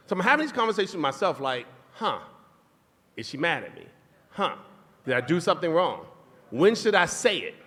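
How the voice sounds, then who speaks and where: A man co-hosting a live podcast, telling a relationship story to an audience in a playful, animated way. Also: high voice. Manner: animated, playful storytelling with self-mocking asides. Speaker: podcast co-host. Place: live show venue in a large hall. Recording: live hall recording with long reverb.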